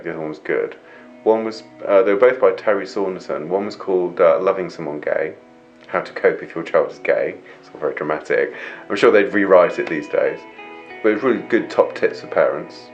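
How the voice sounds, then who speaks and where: A middle-aged man telling personal stories in an interview, animated, mimicking relatives in loud high voices. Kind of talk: personal storytelling. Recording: slightly muffled with music behind.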